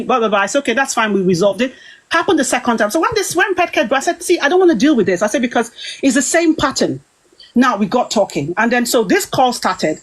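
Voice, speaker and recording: A woman's voice: on the high side, rough recording. British woman telling a heated story. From Britain. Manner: animated storytelling, quoting herself and others, frequent restarts. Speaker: guest recounting a dispute. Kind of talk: casual spoken account.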